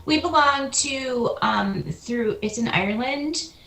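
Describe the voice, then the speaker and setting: A soft-spoken woman guest joining a TV interview over a video call. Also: fairly high pitch, animated, slow pace, vocal fry. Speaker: guest, dance school co-founder. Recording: echoey video call audio.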